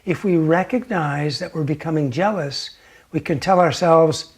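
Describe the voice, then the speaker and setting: A man giving a gentle teaching talk, telling a story slowly and sometimes dropping to a near whisper. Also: fairly high pitch, husky. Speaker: meditation teacher.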